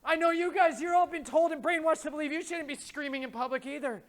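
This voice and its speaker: A man speaking at a conference, preaching with passion in casual slang. He swings from hushed asides to shouted pleas. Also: very high-pitched, fast talker. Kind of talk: impassioned religious talk. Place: conference stage.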